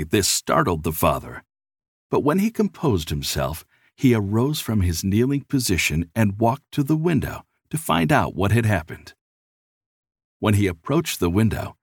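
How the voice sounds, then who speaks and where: A man narrating a storybook tale in an expressive, measured reading style. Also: fairly low pitch, breathy edge, no room sound, clean studio sound.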